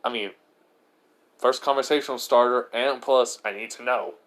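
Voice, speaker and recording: A man voicing a cheeky, sarcastic eighteen-year-old boy turned ice spirit, in a loud voice pitched above his own. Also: fairly even intonation, normal speed, natural voice. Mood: cocky teasing. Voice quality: loud, higher than his narrating voice. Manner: brash, mocking.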